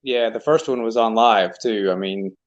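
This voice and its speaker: A man's voice: on the low side, normal speed. A man being interviewed after a loss, talking in a subdued, shaken way. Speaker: interviewed angler. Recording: dull lo-fi audio.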